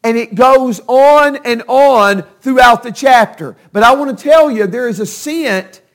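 A man's voice: extremely high pitch, unhurried. A man preaching a sermon, retelling a Bible story with emphatic storytelling that stresses key words.

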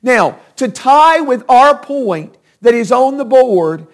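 A man's voice: very high voice, lively intonation, slow. A man preaching a sermon, retelling a Bible story with emphatic storytelling that stresses key words.

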